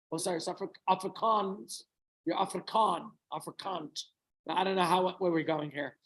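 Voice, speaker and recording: A man's voice: high-pitched, steady tone, moderate pace, vocal fry, a bit bright, low-quality recording. A middle-aged man, a rabbi, giving an informal talk to a small group, telling a story with chatty asides and questions to his listeners.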